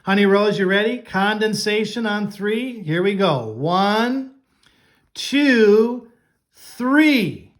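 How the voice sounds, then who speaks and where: A man teaching an online class, coaching students and drawing out each vocabulary word slowly and clearly. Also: high voice, lively intonation.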